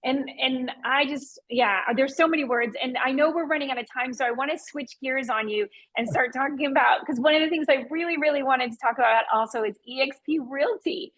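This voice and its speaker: A woman's voice: high voice, fairly quick, hardly any pauses, fairly bright tone, poor audio. A woman hosting a podcast interview, enthusiastic and encouraging toward her guest. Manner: enthusiastic and encouraging, full of praise. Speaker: podcast host and real estate agent. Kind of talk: interview conversation.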